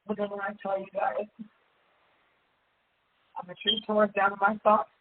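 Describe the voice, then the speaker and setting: A woman hosting a self-help seminar, talking candidly and casually about her own life, laughing often and jumping up into a high pitch. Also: completely flat delivery, moderate pace. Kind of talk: casual personal monologue. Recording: tinny phone-like audio with faint hiss.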